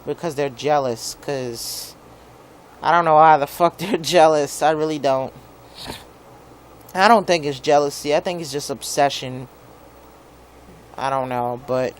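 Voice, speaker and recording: A man's voice: on the high side, clean tone. A young man in a profane, rambling rant about his neighbors, peppered with "like". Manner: profane, rambling, heavy use of "like". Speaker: vlogger. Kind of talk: rambling angry rant to camera.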